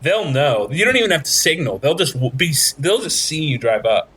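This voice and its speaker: A man's voice: a little high, very animated, brisk, fairly bright tone, slightly rough. Rambling joking male podcast host. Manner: rambling, jokey, lots of fillers and restarts. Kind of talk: casual chat.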